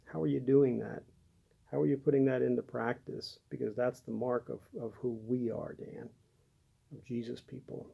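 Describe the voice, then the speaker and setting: Male pastor, gentle halting delivery, mellow tone with heavy fry. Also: mid-range voice, little pitch movement. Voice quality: gravelly. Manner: gentle, halting with many fillers. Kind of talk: devotional talk to camera.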